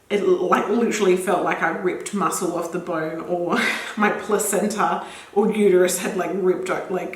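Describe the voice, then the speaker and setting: A woman's voice: fairly low pitch, echoey room. A young woman giving a casual pregnancy vlog update, chatty and rambling, a little out of breath. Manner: chatty, rambling with many "like" fillers. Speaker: pregnancy vlogger.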